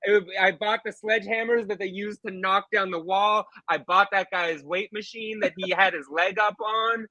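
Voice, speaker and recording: A man telling a funny anecdote in a casual chat, animated, with quick restarts as a guest author. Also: high-pitched.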